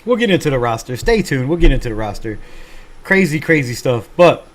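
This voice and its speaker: In a mid-range, sing-song voice, a man talks a little fast while hosting a fan livestream. He chats casually, reads out what viewers write, swears, and mocks himself in a laid-back way.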